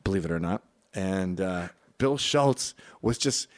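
Animated, lively-pitched male host. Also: unhurried. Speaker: podcast host. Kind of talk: casual comedic chat.

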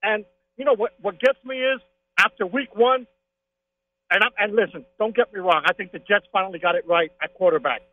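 A high-pitched male caller comes through a tinny phone line. He rants with excitement about his team, stacking opinions and asides in casual call-in chat. His tone stays chatty and insistent. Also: a little fast. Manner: excitable, opinionated sports fan.

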